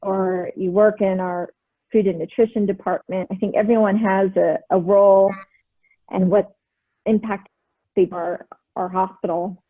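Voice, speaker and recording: A woman with a husky, breathy voice speaks warmly in praise of a colleague. Her sound is thin and tinny like a phone line, and completely dry. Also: medium pitch, fairly even intonation, unhurried, no room sound.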